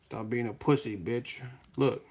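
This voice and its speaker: A man hosting a live show, talking casually with a profane, animated manner and frequent laughter. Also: mid-range voice, a little slow, husky. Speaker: host.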